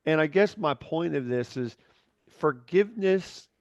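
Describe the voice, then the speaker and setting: A man's voice: a little high, animated, measured pace, a little mellow, dry recording, muffled recording. A man hosting a podcast in casual chat, talking in a candid, rambling way with frequent restarts and free swearing. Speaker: podcast host.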